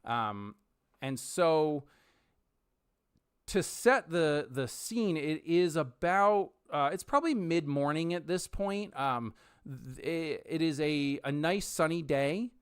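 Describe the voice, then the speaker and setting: A man narrating a tabletop role-playing game as game master, halting, with many ums and restarts. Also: on the high side, expressive, smooth, no echo, clean studio sound.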